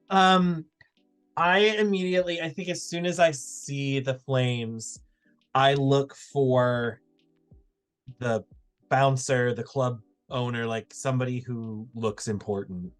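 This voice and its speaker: A man's voice: medium pitch, fairly even intonation, takes it slowly, long pauses, soft background music. A man playing in a tabletop role-play game, describing his moves hesitantly and with many fillers. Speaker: player.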